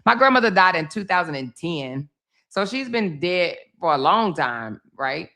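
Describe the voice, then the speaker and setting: A woman's voice: fairly low pitch, very animated, moderate pace, sharp tone. Chatty woman livestream host. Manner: chatty storytelling, swearing, acts out others' lines. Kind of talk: casual livestream commentary.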